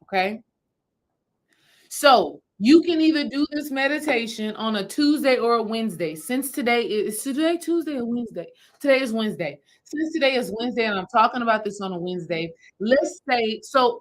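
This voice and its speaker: A woman's voice: fairly high pitch, lively intonation, brisk, rough recording. A woman spiritual healing coach, talking her audience through a meditation step by step in a casual, repetitive way. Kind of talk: guided meditation talk to a live audience.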